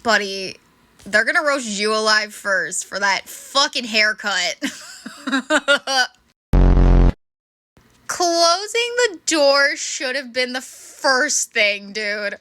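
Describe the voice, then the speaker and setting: Bright and forceful, with a fairly high pitch and lively intonation, a reaction video creator takes her time and pauses often. She chats sarcastically, laughs and swears a lot, and background noise is noticeable.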